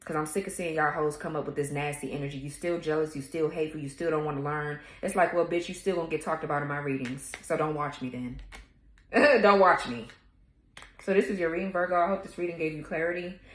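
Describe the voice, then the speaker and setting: A woman's voice: deep voice, steady tone, fast talker, few pauses. A woman tarot reader ranting at her haters in a profane, confrontational way. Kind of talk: tarot reading rant. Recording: echoey room.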